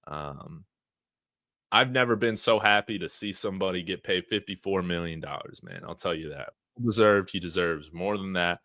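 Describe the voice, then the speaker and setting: A man's voice: sits low, normal speed, no room sound. Brash, hyped man, dry close sound. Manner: excited, brash trash-talk. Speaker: host of a college football fan show. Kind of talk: livestream fan commentary.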